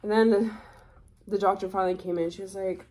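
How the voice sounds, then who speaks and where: A young woman vlogger telling a personal story in casual chat, candid and animated, swearing freely. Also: mid-range voice, a little fast.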